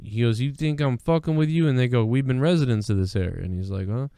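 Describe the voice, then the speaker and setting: A man's voice: mid-range voice, quick pace, warm tone, clear, resonant tone, no echo. A man hosting a live news-reaction stream, talking in a rambling, profane, conversational way. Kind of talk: casual live-stream commentary.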